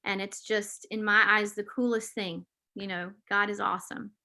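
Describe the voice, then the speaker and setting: A woman's voice: mid-range voice, steady tone, normal speed, pushed and bright. A woman, an author and podcast host telling her personal story in an earnest, emotional way as an interview guest. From Southern United States.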